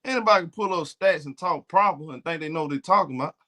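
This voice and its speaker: A man's voice: fairly high pitch, fast talker, bright, forceful tone. A man from Alabama with a Southern accent, streaming casual live game talk in a blunt, profane, trash-talking way. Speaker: sports streamer.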